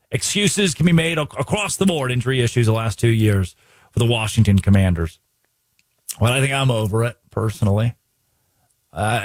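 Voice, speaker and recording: A man giving opinionated sports commentary, animated and mocking, mimicking the people he criticizes. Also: medium pitch, slightly rough, no room sound.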